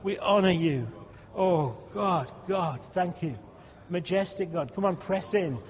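A man's voice: high-pitched, expressive, slow. A man, a pastor leading his church in fervent prayer with repeated, rising pleas. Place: church hall. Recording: dull sound with long hall reverb.

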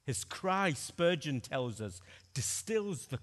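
Earnest male preacher, deliberate and expressive, long church reverb. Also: medium pitch. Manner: earnest, dramatic swings between loud and hushed. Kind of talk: sermon.

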